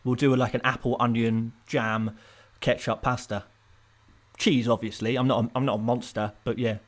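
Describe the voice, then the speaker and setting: A young man from England chatting casually on a live stream, rambling and self-mocking, with bursts of playful excitement while he reads viewer comments. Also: mid-range voice, normal speed. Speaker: fantasy football streamer.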